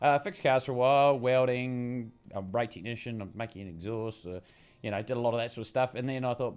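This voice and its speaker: A man's voice: medium pitch, a little fast, darkish tone, smooth. A young man with a New Zealand accent from the far south, telling his life story in a joking, slangy way as a podcast host. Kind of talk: casual chat.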